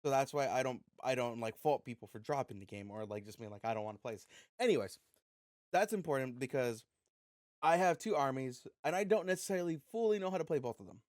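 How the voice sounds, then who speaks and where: A young man co-hosting a podcast, telling an animated, profane story in casual chat. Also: mid-range voice, fast talker, dry recording, clean studio sound. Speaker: podcast co-host.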